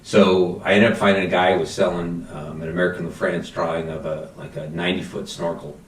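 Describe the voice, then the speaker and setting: A middle-aged man, a fire battalion chief, telling animated anecdotes and acting out quotes in a casual interview. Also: sits low, brisk. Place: podcast studio. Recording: roomy, somewhat distant mic.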